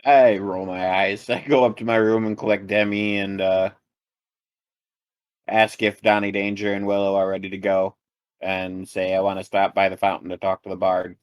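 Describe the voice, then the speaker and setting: A man playing a tabletop game and describing his character's actions in a relaxed, hesitant way. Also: low-pitched, moderate pace, clean tone, no echo. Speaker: player. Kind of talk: tabletop game play, casual chat.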